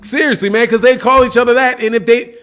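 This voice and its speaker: He talks fast in a very high, somewhat bright voice with fairly even intonation. Hosting a boxing channel, he chats casually with his live audience in slang, repeating himself to underline points.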